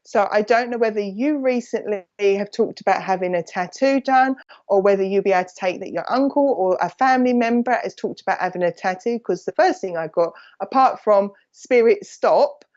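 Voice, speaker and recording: Essex woman psychic medium, warm chatty rambler who bounces between thoughts, live stream with slightly dull lo-fi sound. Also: medium pitch, brisk. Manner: chatty and affectionate, calls people "my lovely".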